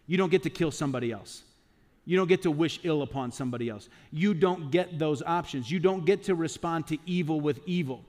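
A man's voice: a little high, a little fast, darkish tone. A male pastor preaching a sermon, emphatic, with rhetorical questions and acted-out quotes.

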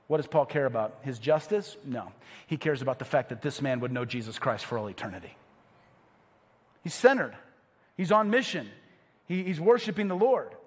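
Pastor guy preaching, emphatic and chatty, lots of questions to the crowd, high voice. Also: big-room sound. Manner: conversational, emphatic, asks the congregation rhetorical questions. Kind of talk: sermon.

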